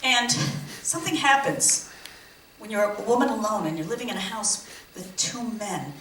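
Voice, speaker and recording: A woman's voice: medium pitch, moderate pace, pushed and bright, distant mic. A woman doing a stand-up comedy set, delivering punchy jokes with rhythmic repeated lines. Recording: echoey room, from afar, noisy.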